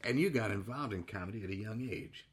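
A man hosting a podcast interview, teasing his guest in a dry, deadpan way. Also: on the low side, quick pace. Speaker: podcast host. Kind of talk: casual interview chat.

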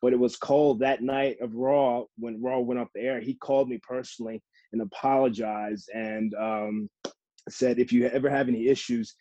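A man's voice: mid-range voice, moderate pace, no echo. A man hosting a casual chat, telling stories with lots of fillers and acted-out quotes. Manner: animated storyteller, fillers, acts out quotes. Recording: dull dry lo-fi sound.

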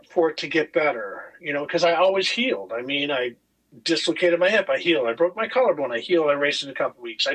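A man from California, a former motocross racer, telling racing stories in a casual podcast chat, animated and swearing freely. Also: on the high side, low-quality recording. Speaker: guest, retired motocross racer.

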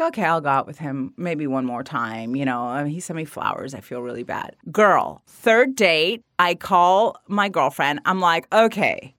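A middle-aged woman telling a personal story in casual conversation, acting out the dialogue with lively shifts. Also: on the low side, dry recording, studio quality. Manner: animated, acts out quoted dialogue.

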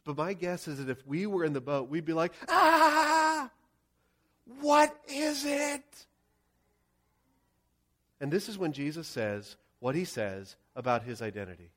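A male pastor preaching a sermon, acting out scenes and shouting quoted lines. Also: mid-range voice, lively intonation, fairly quick, few pauses.

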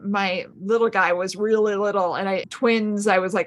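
Middle-aged mother as an interview guest, mid pitch, animated and casual. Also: normal speed. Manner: animated storytelling, acts out her own past thoughts. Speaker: podcast guest, homeschooling mother. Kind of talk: casual conversational chat.

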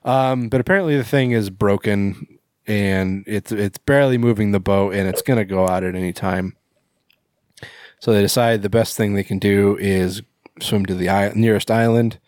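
A man's voice: lowish voice, normal speed, darkish tone, dry recording, studio quality. A man casually recapping a movie on a podcast, rambling with fillers and self-corrections. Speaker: podcast co-host.

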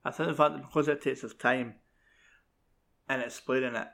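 Man, co-host, creaky low-key voice, agreeable side of the chat. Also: steady tone, normal speed, fairly bright tone. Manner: agreeable, chimes in with short aye and yeah. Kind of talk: casual film discussion.

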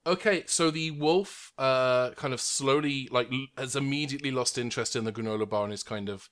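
A man acting as game master for a tabletop role-playing game, with a bright, forward tone and a middle pitch. He narrates with plenty of fillers and eager reactions. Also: fairly quick, smooth. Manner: enthusiastic, many fillers.

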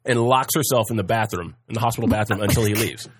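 Over heavy background noise, a man with a fairly low voice talks at a quick pace while hosting a podcast. He tells a history story casually and chattily, laughing often and filling it with fillers and restarts.

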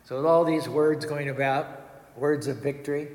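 A man's voice: on the high side, fairly even intonation, moderate pace, darkish tone. A man giving an emphatic storytelling sermon with dramatic retelling. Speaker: spiritual speaker. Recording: echoey hall with long reverb.

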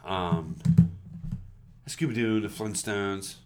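A man's voice: lowish voice, slow, heavy background noise. A man from the Southern United States co-hosting a podcast, talking in a casual, rambling way and swearing freely. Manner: laid-back, swears a lot, trails off and restarts. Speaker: podcast co-host. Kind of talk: casual chat.

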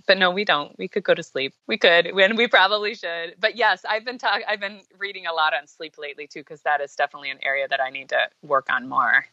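Bright upbeat woman guest, middle-aged, dry n kinda muffled lo-fi call sound. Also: fairly low pitch, quick pace, few pauses, dry recording. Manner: animated storyteller, upbeat, agreeable. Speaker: podcast guest. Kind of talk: casual conversational interview. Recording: dull lo-fi remote line.

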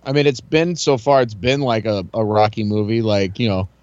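A man's voice: fairly low pitch, fairly even intonation, moderate pace, darkish tone, no room sound, dull audio. A man co-hosting a podcast, telling a story hesitantly, repeating himself and mocking himself. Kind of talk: casual comedic storytelling.

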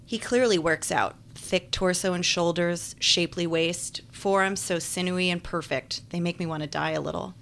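A woman's voice: on the low side, a bit bright, slight background noise. A woman giving wry, chatty first-person audiobook narration. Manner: wry, chatty, self-deprecating.

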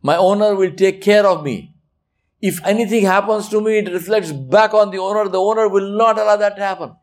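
Man, preacher, emphatic, animated, pitch jumping high, slightly high voice. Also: fairly quick. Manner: animated, emphatic, acts out quoted speech. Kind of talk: religious talk.

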